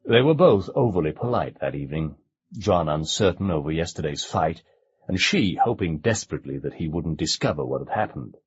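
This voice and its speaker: A man narrating an audiobook in a low, husky voice, with lots of movement in his pitch. His telling is measured and expressive. The cassette recording is dull and lo-fi. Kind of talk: scripted narration.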